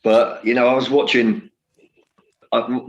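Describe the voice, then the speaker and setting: A man's voice: mid-range voice, little pitch movement, a little slow, dull audio. A middle-aged man from England, a guest pundit who reminisces enthusiastically about sport.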